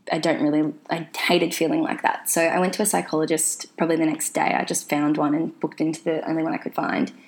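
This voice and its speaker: A woman's voice: deep voice, gravelly, a little mellow. A young woman telling a personal story casually, rambling with lots of fillers and restarts. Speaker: vlogger sharing her mental health story.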